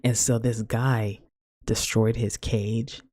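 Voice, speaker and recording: A woman's voice: rumbling low, level tone, slow pace, darkish tone, dry recording, studio quality. A woman hosting her own podcast, chatting in a rambling, casual way full of "like" and "man". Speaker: podcast host. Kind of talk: casual solo podcast chat.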